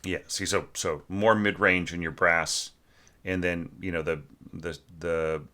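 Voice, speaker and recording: A man's voice: deep voice, steady tone, unhurried, sharp tone. A man giving a loose, rambling spoken critique of a student's orchestration, full of fillers and sung musical figures. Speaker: orchestration teacher.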